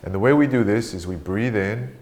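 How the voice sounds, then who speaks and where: Calm low-voiced male meditation teacher. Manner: slow, calm guiding voice. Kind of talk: guided meditation instruction.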